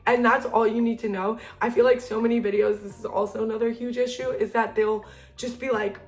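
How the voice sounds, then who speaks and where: A woman's voice: a little high, steady tone, brisk, soft background music. Earnest chatty young woman. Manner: earnest, chatty, lots of fillers and restarts. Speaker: self-help video creator. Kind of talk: casual talk to camera.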